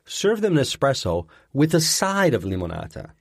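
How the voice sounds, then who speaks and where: A man's voice: mid-range voice, wildly swooping pitch, gravelly, no echo, studio quality. A man co-hosting a casual chat show, easygoing and agreeable. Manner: easygoing, agreeable, lots of quick yeahs. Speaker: podcast co-host.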